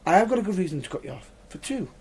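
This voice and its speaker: A man co-hosting a casual podcast, excitable, often cutting in and stumbling over his words. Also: sits high, very fast, gravelly, a little hiss or hum. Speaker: podcast co-host. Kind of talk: casual banter.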